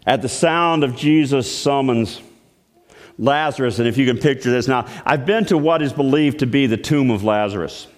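A man pastor preaching a storytelling sermon, animated, dropping to hushed tones and rising to loud exclamations. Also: medium pitch, normal speed. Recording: long hall reverb.

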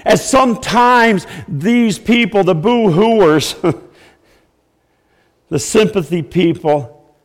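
A man's voice: high-pitched, extremely slow, pauses often, long reverb tail. A man preaching a sermon as pastor, breaking into mock wailing when he acts out the crowd. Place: church.

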